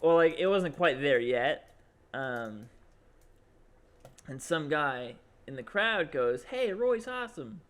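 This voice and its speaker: A young man tells a story on a casual podcast, circling back with fillers and quoting people in little put-on voices. His voice sits in an ordinary middle pitch. He talks like a friend recounting a night out. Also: animated, slow, long pauses, fairly bright tone, smooth. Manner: rambling, full of fillers and quoted voices. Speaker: podcast co-host.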